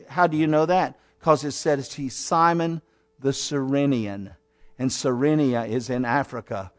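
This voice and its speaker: A male preacher delivering a dramatic sermon, often calling his listeners "my friend" and building through repeated phrases. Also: sits high.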